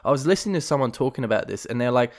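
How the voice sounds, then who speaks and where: A man's voice: mid-range voice, lively intonation, racing. A man co-hosting a podcast, chatting casually about a film, rambling with fillers and restarts. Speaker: podcast co-host.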